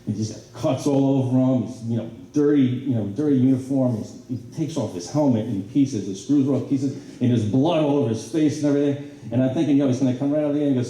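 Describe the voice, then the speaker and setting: A middle-aged man giving a banquet speech, telling stories in an animated way with many fillers and restarts. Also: medium pitch, fast talker, slight background noise. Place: banquet hall. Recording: very echoey hall from a distance.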